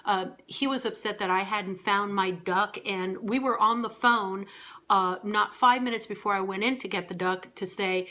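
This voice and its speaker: A woman vlogger telling a story to camera in a casual, animated, exasperated way. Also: mid-range voice, moderate pace.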